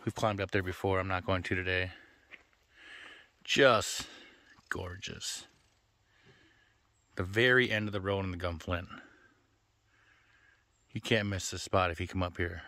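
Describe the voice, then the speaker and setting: A middle-aged man giving relaxed, chatty tour-guide commentary for a family travel vlog, recorded outdoors on a handheld camera. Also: sits low, unhurried, pauses often, dry recording. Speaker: family vlogger. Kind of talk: casual travel vlog narration. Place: outdoors on a lake and trails.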